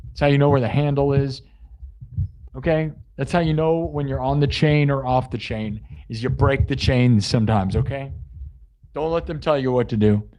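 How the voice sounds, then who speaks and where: A man's voice: mid-range voice, moderate pace, darkish tone. Young guy rambling on his stream, silly jokes, laughing at himself. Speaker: livestream host and improv musician. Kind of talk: casual livestream chat.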